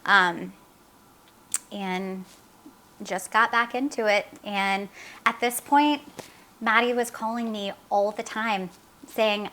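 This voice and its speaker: Earnest bright-voiced mother. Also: mid-range voice, steady tone. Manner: earnest, halting, with many fillers and re-enacted dialogue. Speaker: guest, mother telling her daughter's story. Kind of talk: emotional personal account in an interview.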